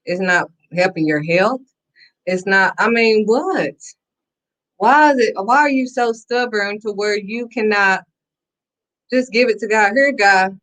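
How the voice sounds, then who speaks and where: A bright, clear-toned woman speaking in an emphatic, preachy talk to camera. She is sassy and direct, and repeats her lines for effect. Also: mid-range voice, unhurried. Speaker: faith vlogger.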